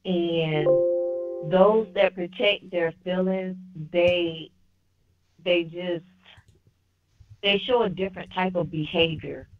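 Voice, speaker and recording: A woman's voice: lowish voice, steady tone, slow pace, long pauses, soft background music. A woman caller giving firm opinions, often restarting her sentences. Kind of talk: casual call-in phone talk. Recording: dull lo-fi phone line.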